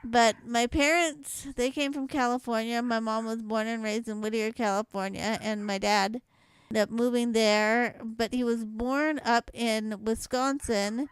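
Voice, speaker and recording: A young woman born in Michigan and now from southwest Louisiana chats casually at home for an accent challenge vlog, rambling and laughing lightly, with a light Southwest Louisiana accent. Her voice is a little high, smooth and steady, at a measured pace. There's no echo.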